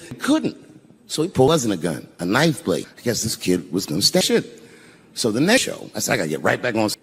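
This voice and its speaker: A middle-aged man performs stand-up on a live stage. His pitch leaps around as he acts out voices and shouts punchlines. His voice rings with a long hall echo over clear background noise. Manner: animated storytelling, shouted punchlines and acted-out voices. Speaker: stand-up comedian. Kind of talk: stand-up routine. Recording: echoey large venue with background noise.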